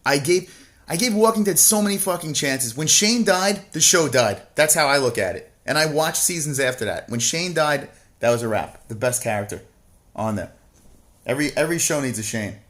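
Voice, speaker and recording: A man's voice: a little high, expressive, moderate pace. Foul-mouthed man ranting on a livestream. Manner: rambling, swears constantly, mocking, bursts into loud rants. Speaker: livestream co-host reading chat. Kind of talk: casual profane chat.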